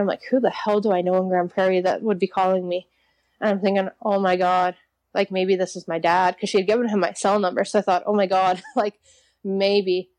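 A woman in her twenties tells a personal story as an interview guest. She talks in a chatty, easygoing way, laughs often and says "like" a lot. Her voice sits at a middling pitch. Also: a little mellow.

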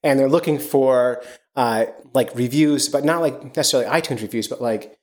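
A man's voice: medium pitch, fairly even intonation, brisk. Chatty man hosting a podcast. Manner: rambling, upbeat, many fillers. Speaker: podcast host. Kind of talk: casual podcast chat.

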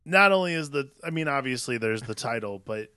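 A man's voice: medium pitch, lively intonation, a little fast, pushed and bright, clean tone, no room sound, studio quality. A man co-hosting a casual film discussion, rambling and filling his sentences with "like.". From small-town America. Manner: rambling, filler-heavy with "like". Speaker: podcast co-host.

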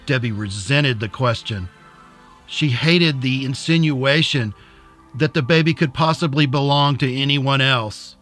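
A man narrating a story in an even, unhurried reading voice. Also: medium pitch, soft background music. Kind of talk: audiobook reading.

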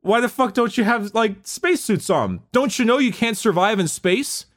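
A man voicing a crude male space orc, calling out in rough slang. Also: high voice, lively intonation, moderate pace, no room sound, clean studio sound, pitched above the performer's own voice. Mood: mocking.

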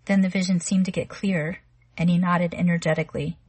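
A woman narrating a literary short story in a measured, quiet reading style. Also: fairly low pitch, fairly even intonation, husky, no echo.

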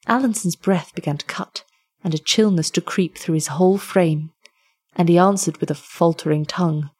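Storyteller, female, low breathy voice, measured and expressive reading of an old tale.

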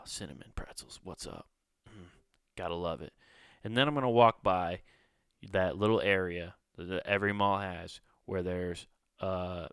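A man's voice: low voice, fairly bright tone, smooth, dry recording, studio quality. A man hosting a casual podcast, rambling through a profane, sarcastic comedic rant.

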